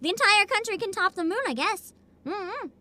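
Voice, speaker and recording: A woman streaming a video game in casual chat, excitable, often shrieking, laughing and swearing. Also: very high voice, moderate pace. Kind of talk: casual gaming livestream. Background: game music.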